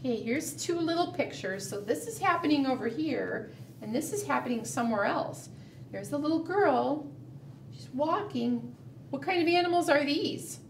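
A woman librarian reading a picture book aloud at a preschool storytime, gentle and sing-song, asking the children questions. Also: sits high, lively intonation, normal speed, vocal fry, echoey room, far from the mic, a little hiss or hum.

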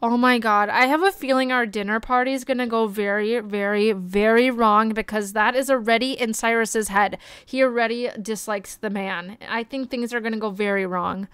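A woman's voice: on the high side, normal speed, few pauses, clean tone, dry recording. Bubbly young woman gushing over gameplay. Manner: gushing, excitable, chatty narration with fillers. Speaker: streamer. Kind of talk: life-sim gameplay commentary.

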